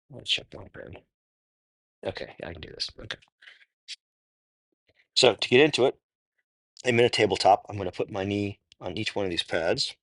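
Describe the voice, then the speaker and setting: Low-pitched man with a gravelly edge, easygoing and self-correcting as he talks through floor stretches. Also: a bit bright, no room sound. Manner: thinks aloud, self-correcting, grunts with effort. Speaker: stretching instructor. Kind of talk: casual spoken walkthrough of stretches.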